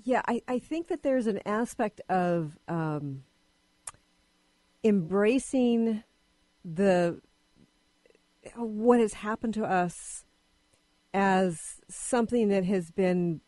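A woman hosts a radio talk show from a dry, close studio mic. She asks her guest questions at a middling pitch and stops often to search for words. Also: slow pace, pauses often, dark tone, no echo. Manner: hesitant, with fillers and restarts. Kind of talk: radio interview.

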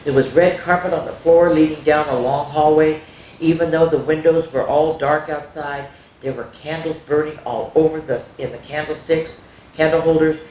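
A woman reading a spooky children's story aloud, expressive, with gasps and little asides to young listeners. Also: low voice, moderate pace, a little hiss or hum. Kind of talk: reading a spooky picture book aloud to kids. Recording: roomy echo.

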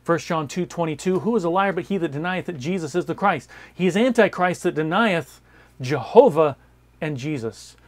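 A man with a fairly high-pitched voice, preaching a Bible sermon. He presses his points hard, says key phrases twice, and drops from strong stresses into soft asides. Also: animated, moderate pace. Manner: emphatic, repeats key phrases, swings between loud stresses and quiet asides. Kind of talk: sermon-style Bible teaching.

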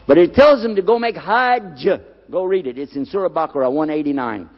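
An older man preaching a lecture, animated, putting questions to the audience and repeating key words. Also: fairly high pitch, a little fast, long reverb tail, muffled recording. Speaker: Islamic preacher.

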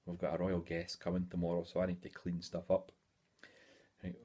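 A man's voice: deep voice, monotone, a little fast, dark tone, husky. A Scottish man in his forties chatting casually in a hobby vlog, rambling along with lots of "eh" fillers. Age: 40s. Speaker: hobby YouTuber.

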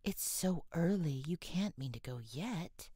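A woman's voice: deep voice, expressive, a little slow, warm tone, husky, no room sound, studio quality, voice pushed up, heavily acted. A woman reading as a blunt tomboyish girl. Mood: hesitant. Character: clumsy, frank, tomboyish girl.

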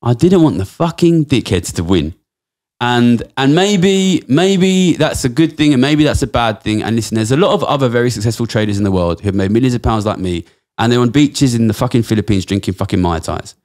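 A man's voice: medium pitch, animated, a little fast, a little mellow. A man in his thirties from England, a podcast guest talking bluntly and passionately, swearing a lot. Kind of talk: casual interview talk.

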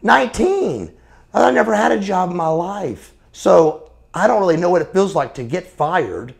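A man's voice: high voice, animated, moderate pace. A man in his forties, a former pro wrestler being interviewed, telling profane, blunt stories in a casual way. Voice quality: gravelly. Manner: profane, blunt storyteller calling the listener brother.

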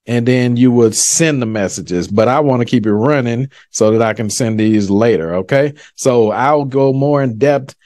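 Talking straight to his audience and often saying "guys", a man runs a live screen-share tutorial, pushing his method with hyped, slangy sales talk. He has a mid-range, darkish voice, speaks at normal speed, and rarely pauses.

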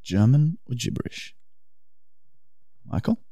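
A man's voice: medium pitch, sing-song, slow pace, warm tone, dry recording. A man hosting a comedy podcast, crude and joking as he runs a game. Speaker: podcast host. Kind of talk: casual comedy podcast banter.

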